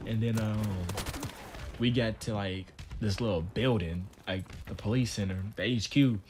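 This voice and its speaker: A man's voice: lowish voice, brisk, a little mellow, a little hiss or hum. A young man casually telling a story on his channel, in a laid-back, slangy way. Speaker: channel host. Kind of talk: storytime vlog.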